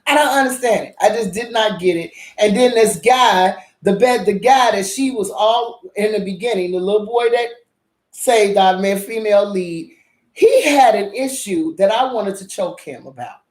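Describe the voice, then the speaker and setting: A woman's voice: medium pitch, lively intonation, moderate pace, darkish tone. A woman host reviewing a drama in a casual, blunt rant, swearing heavily and repeating herself for emphasis. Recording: echoey room.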